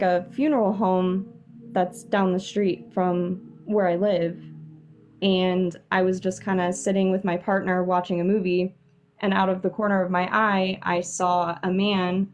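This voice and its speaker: A woman's voice: lowish voice, fairly even intonation, unhurried, a little mellow, a little hiss or hum. A young woman calling in to a live stream to share a paranormal story, sounding nervous and hesitant, with many fillers and restarts. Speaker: caller sharing a paranormal story.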